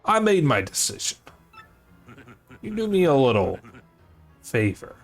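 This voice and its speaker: A man voicing a gruff older male mob boss with a put-on old-time gangster accent, reading game dialogue aloud. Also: mid-range voice, big pitch swings, unhurried, faint music behind, heavily acted. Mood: commanding.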